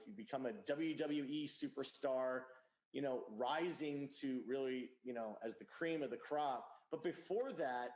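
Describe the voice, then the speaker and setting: A man hosting a live stream, speaking to his co-host in an admiring, deliberate way. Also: mid-range voice, echoey room, rough recording.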